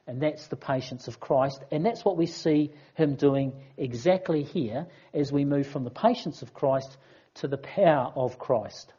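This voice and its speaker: Husky-voiced preacher. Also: medium pitch, unhurried, highs cut off. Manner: conversational, expressive preaching with acted asides. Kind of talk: sermon.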